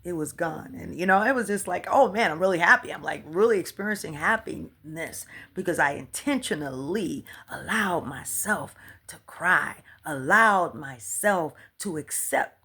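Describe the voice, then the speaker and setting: A woman giving a casual spiritual talk to her viewers, chatty and animated, laughing often and slipping into a near whisper. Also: sits low, a little slow, breathy edge. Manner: colloquial, repeats "for real" and "come on". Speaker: spiritual author and life coach.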